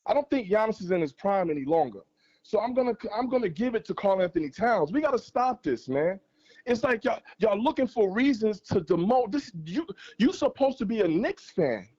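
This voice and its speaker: A guest caller on a fan livestream argues passionately in a heated sports debate, in a high-pitched, slightly mellow voice captured with lo-fi sound. He hammers his points home by repeating them.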